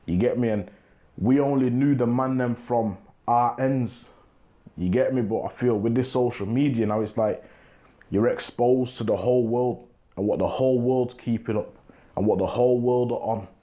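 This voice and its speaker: A man's voice: mid-range voice, moderate pace, muffled recording. A young man from England talks casually, hosting his own show and often asking "you get me". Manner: laid-back, repeats "you get me" often. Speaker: talk show host. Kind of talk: casual monologue to camera.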